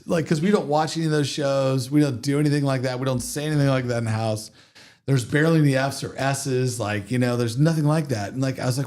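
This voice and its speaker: A man's voice: medium pitch, fast. A man in his thirties, a podcast host and father, chatting casually and acting out his kids' lines as he tells stories. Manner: animated storyteller, acts out his kids' lines. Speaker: podcast host, father of two young boys. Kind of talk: casual chat, storytelling.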